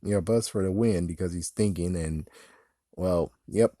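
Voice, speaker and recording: A man with a lowish voice gives a casual movie review that keeps turning into an exasperated rant. He swears freely and laughs at his own jokes. The recording is dry and close, with no room sound. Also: moderate pace, mellow, dry recording. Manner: profane, exasperated, laughs at himself.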